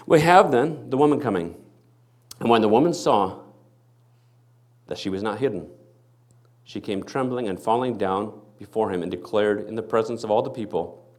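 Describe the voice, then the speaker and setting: A male pastor preaching a sermon, acting out the people in the story as he goes. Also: on the low side. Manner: animated, acts out the people in the story. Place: church.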